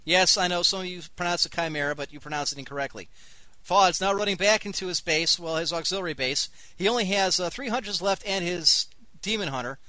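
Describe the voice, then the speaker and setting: A man's voice: high-pitched, brisk, pushed and bright, dry recording. A man hosting an online radio show, giving live commentary on a strategy game with wry, sarcastic asides. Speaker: host and game caster.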